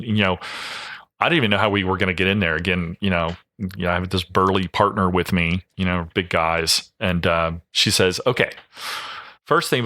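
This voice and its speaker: A man's voice: deep voice, pushed and bright, dry recording, clean studio sound. A man, a podcast guest who runs a home cleanout business, telling casual stories full of fillers and acting out what people said. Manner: rambling anecdotes full of fillers, acting out quoted voices.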